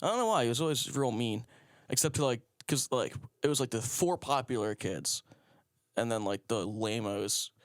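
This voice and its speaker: A man's voice: mid-range voice, animated, moderate pace, no echo, clean studio sound. A young man telling rambling, crude stories as a podcast guest, laughing often. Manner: rambling storyteller, laughs a lot. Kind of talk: casual crude chat.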